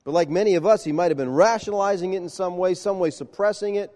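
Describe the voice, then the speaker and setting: A man preaching a sermon, telling stories with animated acted-out dialogue. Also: high voice, fast talker, big-room sound. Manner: animated storytelling, acts out dialogue. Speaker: pastor.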